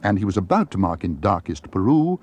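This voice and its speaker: A man narrating a children's storybook with a gentle, expressive reading. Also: sits low, brisk, slight background noise.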